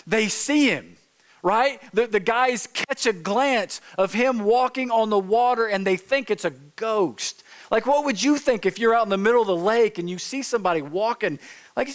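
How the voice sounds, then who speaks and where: High-voiced pastor giving a casual sermon. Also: male voice. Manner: informal, storytelling, acts out quotes. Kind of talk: conversational sermon. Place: church sanctuary.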